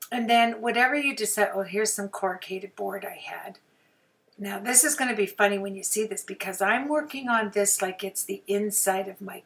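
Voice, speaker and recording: A woman with a hoarse, sore throat chatting through a crafting tutorial voice-over, often clearing her throat and apologizing. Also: medium pitch, fairly bright tone, far from the mic. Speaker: card-making crafter.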